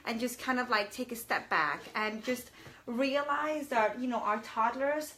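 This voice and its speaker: A woman's voice: fairly high pitch, a little slow, fairly bright tone, slight background noise. A woman in her thirties chatting casually to camera as a parenting vlogger, rambling a little with fillers and restarts.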